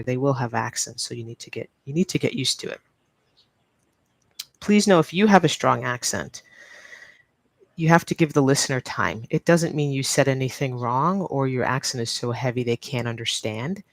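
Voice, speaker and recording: A woman from New York, United States, teaches English in a live-stream lesson, speaking patiently with a neutral accent and repeating key points. Her voice is very deep, and the recording is dry.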